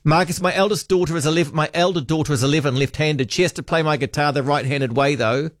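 A New man hosts talkback radio in a fairly high voice, musing aloud and reading listener texts. He drifts between thoughts and trails off with ums. His studio mic sounds close and dry. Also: fast talker, no room sound. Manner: rambling, hesitant, trails off with ums.

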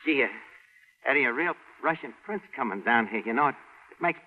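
An actor playing a brash, streetwise, ungrammatical tavern manager in 1940s radio comedy, on a dull, hissy old broadcast. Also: male voice, medium pitch, animated, moderate pace, faint music behind, lightly acted. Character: fast-talking male tavern manager, streetwise.

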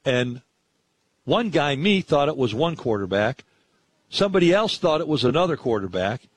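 A man's voice: on the high side, very animated, normal speed, slightly rough, dry recording. A man hosting sports radio, chatting in a friendly, rambling way about the local games. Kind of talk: casual sports radio talk.

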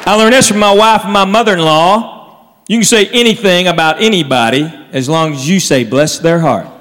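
A man's voice: high voice, normal speed, fairly bright tone, a faint crowd, slight background noise. A man doing a stand-up comedy set, telling family stories and putting on drawled quotes. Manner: storytelling with drawled Southern quotes. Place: stage in a large hall. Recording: hall reverb with laughing audience. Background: audience laughter.

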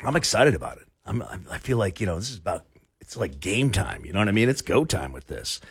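A man's voice: lowish voice, big pitch swings, quick pace, vocal fry, breathy edge. A man from Florida hosting a morning radio show, chatting with callers in a joking, teasing way. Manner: joking, teasing, laughs easily. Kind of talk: casual radio talk with callers.

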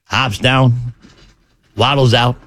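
A male morning radio host in casual banter, telling a joke with lively swings of pitch for the characters. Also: slow, a little hiss or hum. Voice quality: animated storyteller, swings pitch for the joke's characters. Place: radio studio.

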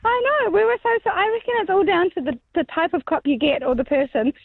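A woman caller with a high voice tells her story in a chatty, animated way. She comes through a thin, tinny phone line that sounds dry and close. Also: fast talker, vocal fry, no room sound. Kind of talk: telling a story on air.

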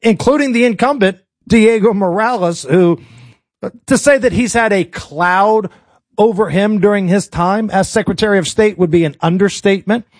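A man's voice: sits high, moderate pace, dry recording. A male talk radio host ranting about politics in a sarcastic, colloquial, joking way. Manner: sarcastic, colloquial, jokey rants.

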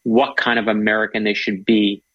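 A man's voice: lowish voice, little pitch movement, normal speed, dry recording, muffled recording. A man talking about history as an author guest in a casual interview, eager and storytelling, often restarting his sentences.

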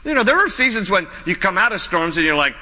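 Male pastor, slightly high and very bright voice, earnest conversational sermon that slows down for emphasis. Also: big pitch swings. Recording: long hall reverb.

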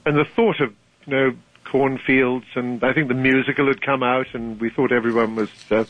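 A man's voice: medium pitch, steady tone, moderate pace, no echo. An older British man with a British accent, a guest author talking articulately and wryly in a radio interview, laughing easily. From Britain. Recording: tinny dry phone line.

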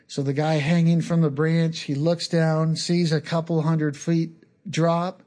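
A man's voice: a little high, flat delivery, a little mellow. Man giving an earnest sermon. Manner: earnest, unhurried teaching with small repetitions. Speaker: pastor.

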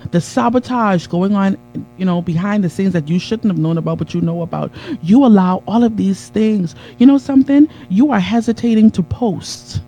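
A woman's voice: medium pitch, mellow, poor audio. A woman giving a live-streamed motivational talk in an emphatic, preacher-like way, greeting viewers as she goes. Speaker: motivational speaker.

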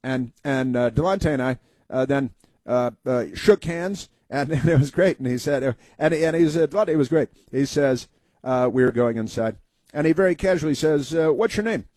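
A man's voice: mid-range voice, moderate pace, darkish tone, no echo. A man hosting a talk show, telling rambling folksy stories and giving opinionated commentary.

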